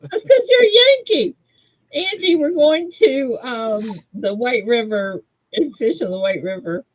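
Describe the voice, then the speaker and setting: A woman's voice: high voice, expressive, a little slow, no echo, muffled recording. A woman hosting a casual live show, bantering and laughing easily. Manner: laughing, playfully defensive banter. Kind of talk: casual live-stream chat.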